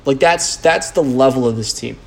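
A podcast host delivers a loose, rambling monologue that is blunt and profane, full of fillers and false starts. His mid-range voice is gravelly and moves at a normal speed.

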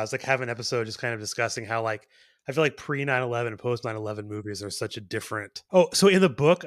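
A man's voice: mid-range voice, fairly bright tone, no echo. Male podcast co-host, rambling delivery, close dry mic. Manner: rambling, many restarts and "like". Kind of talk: casual chat.

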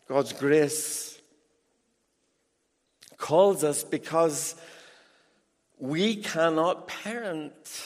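A middle-aged man preaching a sermon as a pastor, emphatic and animated, with asides to the congregation. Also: fairly high pitch, extremely slow, long pauses. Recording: long reverb in a large hall.

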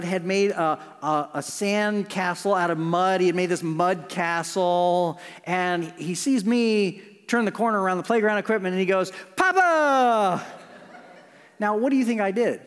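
A middle-aged male pastor preaching a sermon, shifting from loud emphasis to hushed near-whispers. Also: high voice, unhurried, clean tone. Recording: long hall reverb.

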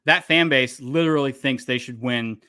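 A man hosting a podcast, giving opinionated, animated takes in casual chat. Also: medium pitch, moderate pace, no room sound, clean studio sound. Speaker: podcast host.

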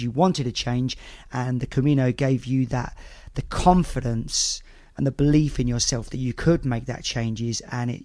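A man's voice: medium pitch, darkish tone, dry recording, clean studio sound. A man hosting a podcast interview, talking in an earnest, encouraging, rambling way. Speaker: podcast host. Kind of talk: casual interview chat.

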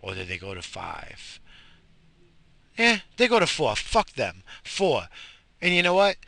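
Gravelly guy ranting and cussing from his car, super bright edgy voice, yells in bursts. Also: on the high side, huge pitch swings, measured pace, no echo. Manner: profane, ranting, shouts in bursts. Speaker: vlogger. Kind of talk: profane driving rant.

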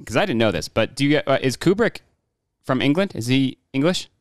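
A man's voice: mid-range voice, animated, a little fast, no room sound, studio quality. A man casually discussing a war film with friends, rambling with many fillers and restarts. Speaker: podcast co-host.

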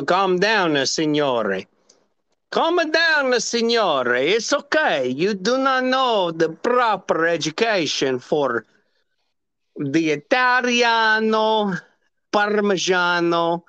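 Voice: mid-range voice, fairly bright tone, muffled recording, pitched below the performer's own voice. A podcaster doing a mock Italian food snob in an exaggerated put-on accent, scolding in comic banter.

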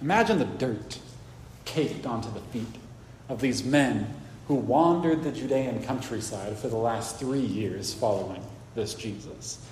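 A man preaching a sermon as pastor, casual and animated in his storytelling, often restarting his words. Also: mid-range voice, a little slow. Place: church hall. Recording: echoey hall, faint background hiss.

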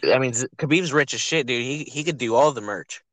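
A man's voice: medium pitch, a little fast, fairly bright tone, dry recording, low-quality recording. A young man co-hosting a podcast, chatting casually with lots of swearing, laughter and "dude". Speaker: podcast co-host.

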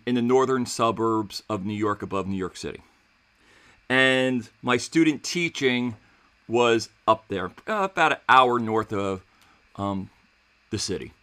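A man who teaches seventh grade history, telling a story in a casual, animated way and acting out the dialogue. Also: medium pitch. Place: New Jersey.

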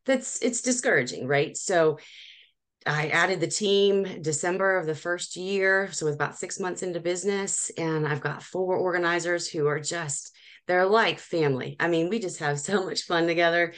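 A woman's voice: fairly low pitch, moderate pace. A woman in her forties, a professional organizer, telling her story in a casual interview with frequent laughs and restarts.

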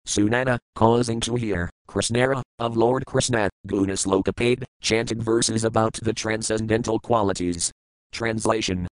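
A man reads verses aloud in a steady, measured recitation, giving each word's meaning and then the translation. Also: medium pitch, dry recording, rough recording. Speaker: scripture reader.

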